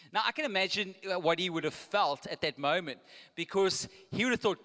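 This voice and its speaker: Chatty preacher in reverberant hall. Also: male voice, high voice, lively intonation, a little fast, fairly bright tone. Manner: conversational, with joking asides and restarts. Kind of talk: live sermon. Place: church auditorium. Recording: long hall reverb, live.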